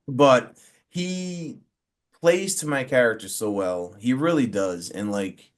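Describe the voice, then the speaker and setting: A forty-year-old man chatting as an interview guest, pitched in the middle for a man. He tells stories with lots of "um" and "you know," jumping into quoted lines with animated energy. The delivery is casual and earnest. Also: slow. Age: 40s. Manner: animated storyteller who acts out quotes, many fillers. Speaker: pro wrestler and referee guest.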